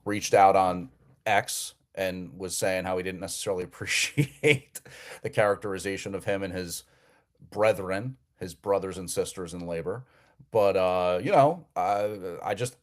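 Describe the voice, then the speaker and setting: A man's voice: low-pitched, a little slow. A man from New Jersey hosting a live call-in show, chatting casually and often repeating words as he restarts sentences.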